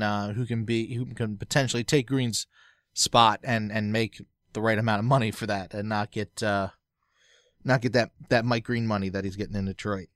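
A young man co-hosting a podcast in casual sports chat, easygoing and often laughing, with halting restarts. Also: medium pitch, a bit bright, no echo, clean studio sound. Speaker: podcast co-host.

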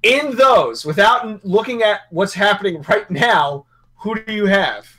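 Casual male sports podcast co-host, slightly high, bright and forceful voice, loose joking delivery. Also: lively intonation, a little slow. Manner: rambling, joking, self-correcting.

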